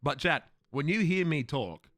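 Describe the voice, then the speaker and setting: Lively Australian man chatting to his stream. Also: fairly high pitch, a little slow, no room sound, clean studio sound. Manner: chatty, swearing, laughing at himself. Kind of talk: casual chat with stream viewers.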